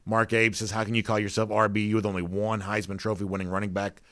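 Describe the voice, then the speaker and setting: Low-voiced sports show host. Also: male voice, flat delivery, quick pace, a bit bright, no echo, clean studio sound. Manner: conversational, lots of "you know" fillers. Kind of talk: casual sports talk show, reading viewer comments.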